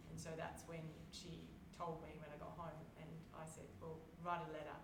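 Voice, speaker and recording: A woman's voice: deep voice, completely flat delivery, normal speed. A woman, a guest speaker telling a personal story at a live Q&A, chatty with many fillers and restarts. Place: live event hall with audience. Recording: echoey room heard from a distance, noisy.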